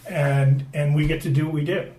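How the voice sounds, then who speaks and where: Speaking at a normal speed with a warm, fairly high voice and fairly even intonation, a retired hockey player from around Boston, middle-aged, spins profane, rambling yarns full of restarts and filler words. The casual chat was recorded off-mic in an echoey room, with faint noise in the background.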